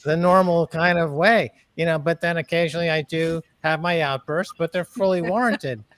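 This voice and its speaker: A man hosting a panel talk, ranting in a bombastic way and often breaking into shouts. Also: on the high side, normal speed, no room sound. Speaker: host.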